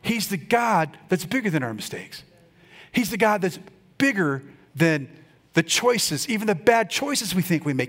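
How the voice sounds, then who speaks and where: A male pastor preaching a lively sermon, calling out to his congregation and urging them to answer back. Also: fairly high pitch, normal speed. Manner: rousing, calls on the congregation to respond.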